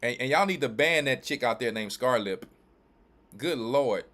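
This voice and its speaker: Man, church elder from Louisiana and Texas, preaching commentary, emphatic, repetitive, mid-pitched voice. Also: lively intonation, fairly bright tone. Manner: emphatic and repetitive, with quick restarts.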